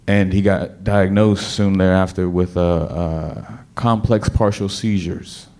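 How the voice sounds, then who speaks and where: Guy with a lowish voice telling a wild story, animated, keeps tripping over his words. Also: slow. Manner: animated, dramatic, stammers on repeated words. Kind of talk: personal story told to an audience.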